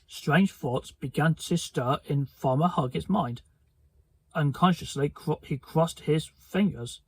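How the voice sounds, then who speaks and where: A man reads a children's storybook aloud slowly and carefully, stumbling over words now and then. His voice is husky and sits slightly higher than average. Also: no echo, poor audio. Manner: slow, careful reading with stumbles. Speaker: storybook reader. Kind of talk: reading a children's book aloud.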